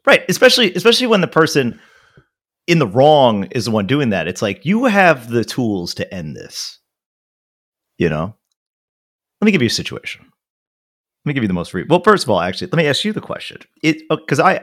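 A man's voice: mid-range voice, fairly quick, no room sound, clean studio sound. A man co-hosting a podcast in casual chat, sarcastic and given to swearing as he tells stories. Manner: animated, swearing, sarcastic storyteller. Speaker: podcast co-host.

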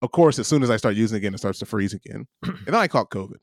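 Man, casual chat, lively storytelling, acts out both sides, dry close sound. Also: lowish voice, racing, dry recording. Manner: animated storytelling, acting out both sides of an argument. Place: living abroad.

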